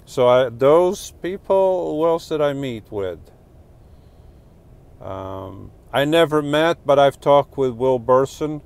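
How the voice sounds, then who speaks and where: Middle-aged jersey guy on a live stream, slow and rambly, smooth clear voice, jokey, reading chat comments. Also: mid-range voice, animated, darkish tone. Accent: New Jersey and New York. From Portugal. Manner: rambling, self-correcting, joking.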